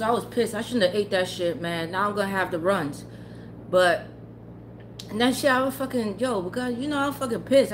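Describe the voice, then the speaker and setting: A woman's voice: mid-range voice, a little hiss or hum. A woman who streams tarot readings, ranting bluntly and with lots of profanity in casual talk to her live chat. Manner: blunt, profane, heated, often laughing. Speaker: tarot livestreamer.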